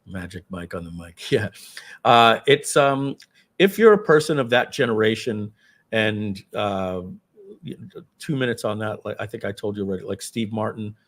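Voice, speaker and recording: A man's voice: on the low side, animated, normal speed, fairly bright tone. A man hosting a live online workshop, telling a rambling anecdote with lots of fillers. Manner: rambling, many fillers, acts out quotes. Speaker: webinar host. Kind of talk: casual storytelling.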